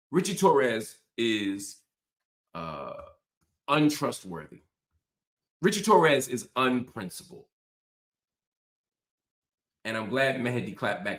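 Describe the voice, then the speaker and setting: A male host delivers an impassioned, emphatic political commentary monologue, leaning on repetitive rhetoric. His voice is medium-pitched and fairly bright, and the room sounds echoey.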